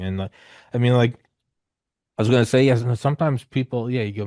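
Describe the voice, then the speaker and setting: A man in his thirties hosting a podcast, telling stories in a loose, rambling, animated way with casual swearing. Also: mid-range voice, fairly quick, dry recording, studio quality. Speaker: podcast host. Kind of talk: casual conversational storytelling.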